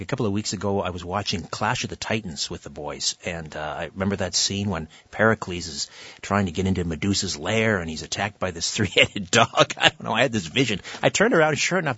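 A man's voice: lowish voice, a bit bright, slightly rough, no echo, dull audio. A man hosting a radio talk show, telling a story in a chatty way with many fillers and restarts. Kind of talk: conversational radio monologue and interview. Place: radio studio.

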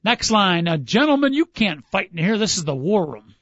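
A man's voice: sits high, sing-song, moderate pace, a bit bright, no room sound. Man, radio talk host, upbeat, quizzing, dry dull studio audio. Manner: upbeat quizzing, reads lines aloud, laughs easily. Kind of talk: casual radio chat.

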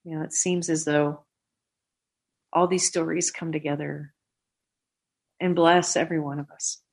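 A woman guest on a talk show, telling a personal story with lively voices for the people she quotes. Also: sits low, unhurried, gravelly.

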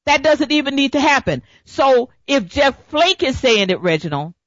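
A woman's voice: sits high, lively intonation, moderate pace, no room sound. Emphatic woman talk-radio host, lo-fi. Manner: emphatic, repeats points, rhetorical questions. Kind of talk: political commentary talk radio. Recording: dull lo-fi dry recording.

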